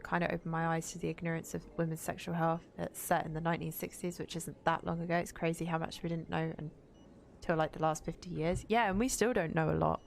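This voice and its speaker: A woman's voice: on the low side, creaky, slight background noise. A young woman streaming a game, chatting bluntly with viewers and swearing freely. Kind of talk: casual gaming stream chat.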